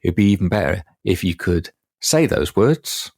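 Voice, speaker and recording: A man's voice: deep voice, sing-song, moderate pace, gravelly, darkish tone, dry recording. A man co-hosting a podcast in casual, rambling chat, with many hesitations. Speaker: podcast co-host.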